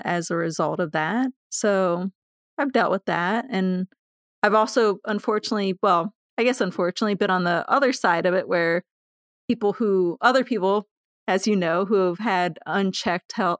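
Podcast guest, woman, candid storyteller, lively with laughs, dry close sound. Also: medium pitch, no room sound. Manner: animated, laughs while telling stories.

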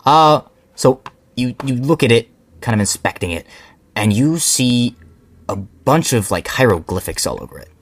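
A young man narrating as game master of a tabletop role-playing game, describing scenes in an animated way. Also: mid-range voice, normal speed, dry recording.

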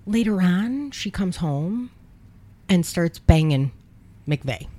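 A woman's voice: fairly low pitch, lively intonation, takes it slowly, mellow. A woman co-hosting a podcast, telling a true-crime story in casual chat, wry and profane. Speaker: podcast co-host; emergency dispatch worker.

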